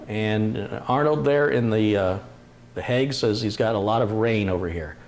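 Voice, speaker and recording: A man hosting a casual live stream, reading out viewer comments with quick asides and laughs. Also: lowish voice, creaky. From Detroit, USA. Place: home computer workshop.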